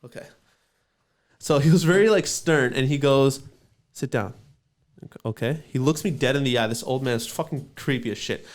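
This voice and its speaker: A young man from Canada tells a story on a podcast in a loose, rambling way. He swears freely and pads his sentences with fillers. His voice sits at an ordinary, middle pitch. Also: a little fast. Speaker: podcast host. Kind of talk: casual storytelling.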